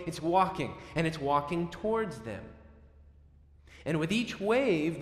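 A male preacher delivers a storytelling sermon, acting out scenes with bursts of volume and quiet dips. His voice sits a bit high for a man. The recording carries a long, roomy echo from a large hall. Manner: dramatic storytelling with sudden loud and soft swings. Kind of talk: expository sermon. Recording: echoey hall with long reverb.

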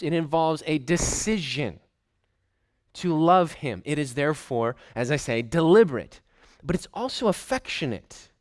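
A man preaching a sermon, emphatic and deliberate, stressing points by repeating short phrases. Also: on the high side, no echo, studio quality. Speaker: pastor.

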